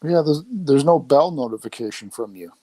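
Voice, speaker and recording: A man's voice: a little high, expressive, moderate pace, mellow, no room sound. A man co-hosting a podcast from his phone over a call, asking puzzled questions in casual chat. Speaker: podcast co-host. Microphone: phone on a remote call.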